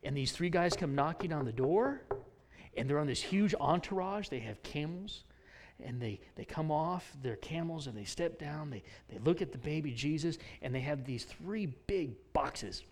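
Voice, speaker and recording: Animated storytelling male pastor. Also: on the high side, moderate pace. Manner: storytelling, animated, dropping to a whisper for emphasis. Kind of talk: sermon.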